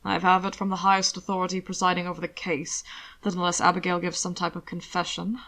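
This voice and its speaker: A woman doing a low, hushed aristocratic lord. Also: completely flat delivery, quick pace. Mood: hushed, measured. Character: lordly older male aristocrat, suave and soft-spoken.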